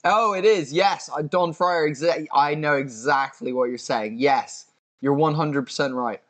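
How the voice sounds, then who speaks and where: A man's voice: on the high side, measured pace. A young American man co-hosting a casual livestream, reading viewer messages aloud and answering them with swearing and sudden exasperated squeals. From United States. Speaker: livestream co-host reading chat. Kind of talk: casual watch-along chat.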